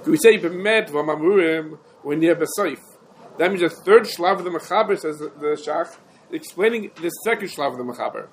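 A man's voice: sits high, slight background noise, poor audio. A man teaching a halachic text in a style lecture, posing questions and answering them himself. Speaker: Talmud teacher.

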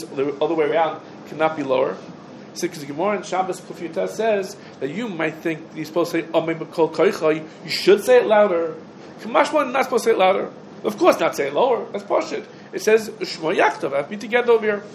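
A man's voice: high voice, slight background noise, poor audio. A man teaching an informal halacha class, posing rhetorical questions and answering them, his talk dense with Hebrew terms. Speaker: Torah teacher.

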